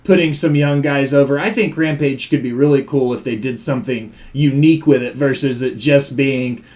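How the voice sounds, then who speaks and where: A man's voice: medium pitch, fairly even intonation, normal speed, a little mellow. A man with a Southern Tennessee drawl chatting as a podcast co-host, boisterous, enthusiastic and profane. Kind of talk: casual podcast chat.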